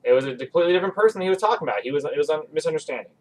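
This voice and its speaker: A man telling a rambling, self-deprecating story as a podcast guest, with quick restarts. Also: on the high side, animated, darkish tone, distant mic, low-quality recording. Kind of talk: casual storytelling.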